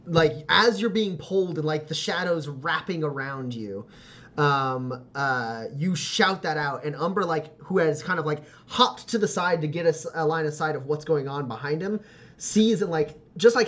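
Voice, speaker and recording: A man runs a tabletop role-playing session as game master. His voice sits a little high, and he narrates loosely, stringing scenes together with plenty of "like" and "uh" and breaking into laughter often. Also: fairly bright tone. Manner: rambling, full of "like" and "uh" fillers, laughs often.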